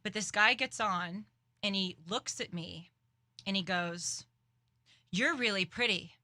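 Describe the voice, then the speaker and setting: Bright, animated young woman host. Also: mid-range voice, unhurried, no echo, clean studio sound. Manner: animated storytelling, dramatic, self-aware. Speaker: commentary show host. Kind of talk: casual political commentary.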